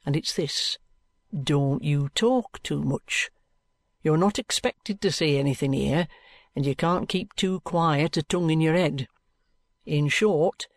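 Male reader as a calm, patronising detective: deliberate and firm, fairly high voice, dry recording. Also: gravelly, no room sound. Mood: cool. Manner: cool, deliberate and coaxing.

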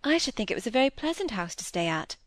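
A woman's voice: fairly high pitch, sing-song, quick pace, no room sound. An eager, candid young girl from a period novel, as a woman narrator voices her. She speaks openly and earnestly, recorded dry and close. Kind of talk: audiobook character reading.

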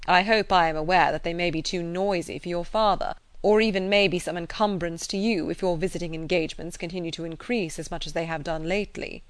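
Lady reading as a blunt brisk gentleman, firm and lecturing, lowish voice. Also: steady tone, no room sound, lightly acted.

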